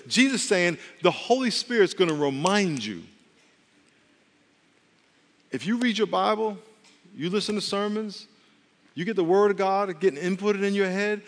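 A man preaching a sermon as pastor, conversational and humorous, with quick asides to the congregation. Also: sits high, animated, a bit bright, in a large hall.

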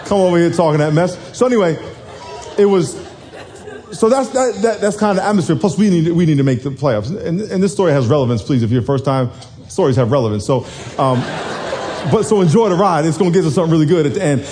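Animated storytelling man, mellow voice. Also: quick pace, some chatter behind, a little hiss or hum. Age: 40s. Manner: lively, swings from low murmurs to high shouts. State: hoarse from yelling.

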